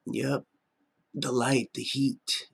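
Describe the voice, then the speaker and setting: Gravelly rambling man live-streaming. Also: medium pitch, moderate pace. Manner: rambling, wandering off topic. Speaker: livestreamer.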